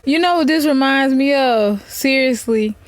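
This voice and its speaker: A woman's voice: sits high, a little slow, no echo. A woman vlogger giving blunt, mocking casual reaction commentary.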